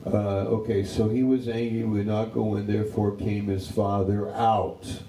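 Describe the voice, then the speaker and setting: A man preaches in a slow, easygoing Bible-teaching style, voicing the characters as he tells the story. His voice is low, dark and gravelly. He is recorded from a distance in a roomy, echoing hall. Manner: animated storytelling, acting out characters in dialogue.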